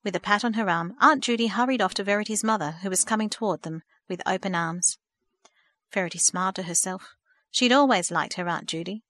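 A woman reads a story aloud in a steady, measured storytelling voice at a middle pitch. The recording is dry and close, with no room echo. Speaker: narrator. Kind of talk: scripted storybook narration.

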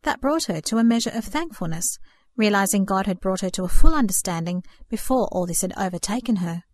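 A woman narrating a storybook in a steady, earnest reading voice. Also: mid-range voice, a little fast, no echo, studio quality. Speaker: audiobook narrator.

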